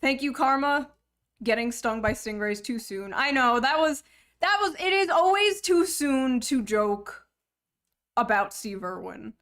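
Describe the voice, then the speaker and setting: A young woman with a fairly high voice hosts a livestream in loose, casual chat. She jokes crudely and swears freely as she talks to her chat and reads donations. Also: expressive, unhurried, a bit bright. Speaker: livestream host.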